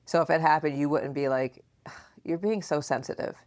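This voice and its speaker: Low-voiced teasing mom podcast host. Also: female voice, moderate pace. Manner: animated, teasing, acts out quotes. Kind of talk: casual chat.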